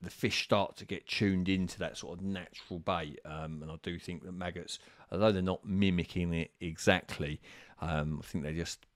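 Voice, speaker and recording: A man's voice: low-pitched, steady tone, moderate pace, few pauses, dry recording, studio quality. A man on a live stream, answering viewers' carp fishing questions in a casual, rambling way with lots of ums and restarts.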